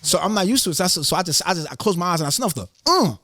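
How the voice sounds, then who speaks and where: Interview guest, middle-aged New man, rapid slangy storyteller, dry close sound. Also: high voice, big pitch swings, fairly bright tone, no echo. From Jamaica. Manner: street slang, repeats "you know what I'm saying". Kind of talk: animated storytelling.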